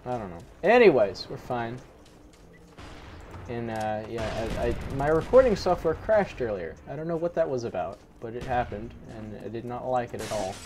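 A man's voice: medium pitch, animated, normal speed, noisy background. A young man giving live gameplay commentary into a desk microphone, rambling and self-mocking, with muttered asides. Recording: gunfire from the game audible. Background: game gunfire.

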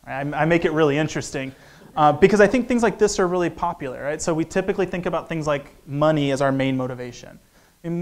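Joking economics lecturer, fairly high voice. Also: male voice. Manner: joking, conversational, acts out dialogue. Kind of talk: lively lecture talk.

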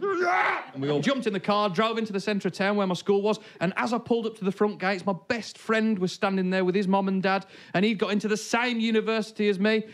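A young man with a Black Country accent telling a comic story to a live audience, animated with comic asides. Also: a little high. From Black Country, England. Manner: animated, comic asides, bursts into shouted impressions. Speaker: comedian. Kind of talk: stand-up storytelling. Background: audience laughter.

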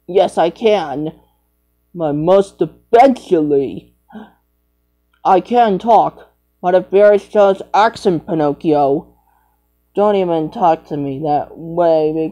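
A woman's voice: on the low side, mellow, low-quality recording. A woman rambling through improvised toy play, jumping between made-up character voices.

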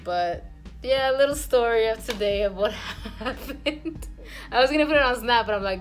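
A woman's voice: on the high side, moderate pace, soft background music. A woman in her twenties chatting casually to camera in a vlog, rambling with fillers and laughing easily. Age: 20s. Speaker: vlogger.

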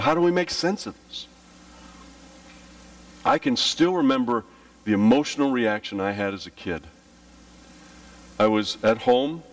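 A man preaching a sermon as pastor, telling stories with lively, dramatic delivery and acted-out cries. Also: medium pitch, vocal fry, far from the mic. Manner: animated storytelling, acting out his childhood panic with shouts. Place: church.

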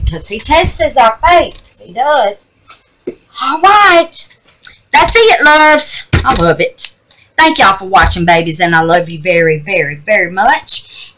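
A woman's voice: lowish voice, pushed and bright, a little hiss or hum, rough recording. A woman hosting a craft channel, chatting affectionately with viewers and easily sidetracked. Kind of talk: casual vlog sign-off with prayer.

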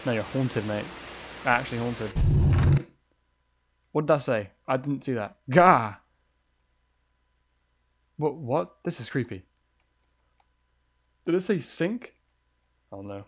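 Man, let's play commentary, jumpy, swears a lot, thinks aloud, middle pitch. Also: animated, a little slow, long pauses, husky. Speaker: gamer playing a horror game.

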